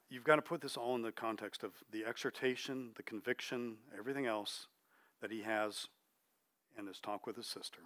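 In a mid-range voice, a middle-aged man preaches a chatty, conversational sermon. He regularly checks in with his listeners and brings his voice down softly to emphasize points.

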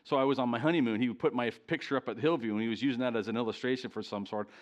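In a church, a middle-aged man preaches to a live congregation, telling a self-deprecating personal story and often asking the listeners questions. He is animated and addresses them directly in this storytelling sermon. His medium-pitched voice comes rapid-fire, and the recording is muffled.

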